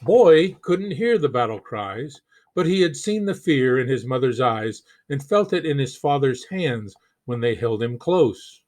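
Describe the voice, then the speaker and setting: A man, a pastor, reading a picture book aloud slowly and gently, with chatty asides to the children. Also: mid-range voice, big pitch swings.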